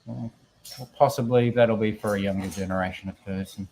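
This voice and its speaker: A man's voice: fairly low pitch, steady tone, a little fast, darkish tone, slight background noise. A man chatting casually on a live stream, rambling and joking about himself while reading chat messages aloud. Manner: rambling, self-deprecating, reads chat aloud. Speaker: guest co-host of a live stream. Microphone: computer microphone.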